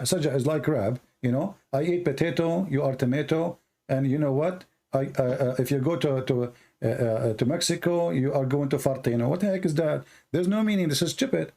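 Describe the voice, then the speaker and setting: A man hosting a combative debate, pressing his caller with sarcastic, slowly repeated questions. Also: a little high, vocal fry, a little mellow. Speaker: debate host. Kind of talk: combative live call-in debate.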